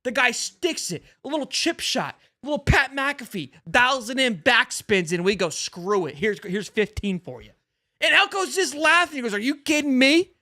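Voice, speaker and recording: A man's voice: extremely high pitch, very animated, moderate pace, pushed and bright, dry recording, studio quality. A young man hosting a live sports stream, ranting in an exasperated, sarcastic way while reading viewer comments. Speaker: sports show host. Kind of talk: live-stream halftime rant reading super chats.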